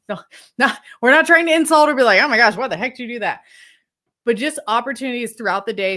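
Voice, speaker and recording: A woman guest coach talks through parenting advice in an upbeat, casual way, peppering her sentences with "like." Her voice is bright and forceful, at a middle pitch. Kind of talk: conversational interview.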